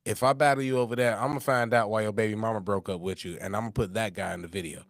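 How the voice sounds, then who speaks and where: A man's voice: fairly low pitch, fairly even intonation, fast, dry recording. A man co-hosting a livestream, talking in long rambling runs and laughing as he goes. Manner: laughs as he talks, rambling, easygoing. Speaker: podcast co-host. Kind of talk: livestream reaction talk.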